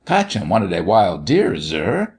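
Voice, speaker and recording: A man voicing a shy young girl in a storybook, speaking softly and hesitantly in rustic dialect. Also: low voice, wildly swooping pitch, a little slow, breathy edge, heavily acted. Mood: timid. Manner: soft, hesitant, dialect speech. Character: shy timid young girl in rural cabin.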